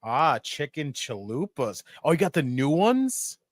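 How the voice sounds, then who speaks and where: A man hosting a casual wrestling watch-party stream, excitable, joking and swearing often. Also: a little high, unhurried, no echo. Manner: profane, excitable, jokey. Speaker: podcast host.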